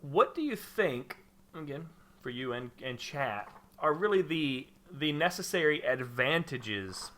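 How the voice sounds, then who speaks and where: A man's voice: a little high, lively intonation, a little slow, bright, forceful tone, a little hiss or hum. A man hosting a casual gaming podcast, rambling with lots of fillers and restarts. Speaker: podcast host. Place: home room under a spotlight.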